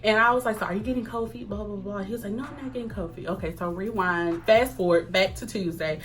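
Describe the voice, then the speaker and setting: A young woman chatting casually to camera, animated, acting out quoted lines and laughing often. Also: medium pitch, fast talker, soft background music. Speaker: vlogger. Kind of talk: casual storytime chat.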